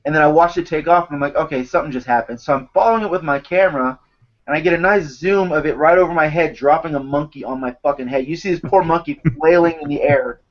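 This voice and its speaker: A man telling stories in casual chat, animated and swearing often. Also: a little high, fast talker. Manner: animated storyteller, swears a lot. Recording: dull lo-fi recording.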